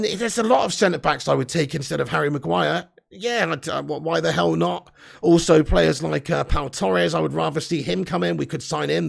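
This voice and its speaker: Hosting a live fan stream, a young man goes through the chat and rants bluntly, swearing plenty in excitable back-and-forth. He speaks on the high side with vocal fry.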